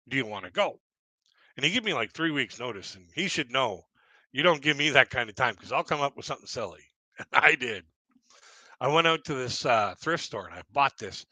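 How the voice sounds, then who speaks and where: Bright-voiced man telling a rambling comic story. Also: medium pitch, no echo. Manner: rambling, chuckling at his own jokes. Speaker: stand-up comedian. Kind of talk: casual stand-up storytelling on a live audio panel.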